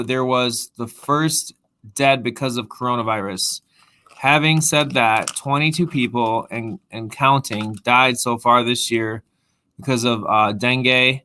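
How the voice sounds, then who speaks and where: Bright-voiced man, livestream co-host. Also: mid-range voice. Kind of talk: casual livestream chat.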